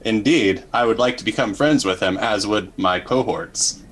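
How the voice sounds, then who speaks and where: A man playing a friendly android who speaks stiffly and formally, with a husky voice. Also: lowish voice, moderate pace, a bit bright, rough recording. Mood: earnest. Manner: stiff, overly formal speech. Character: cheerful, formal male android.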